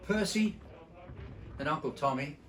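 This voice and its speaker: A slightly high, animated voice, a little slow, comes from an older Australian entertainer honoring someone in a memorial tribute. His family stories are blunt, salty and reflective, full of hesitations, with a crowd audible behind him in a rough recording.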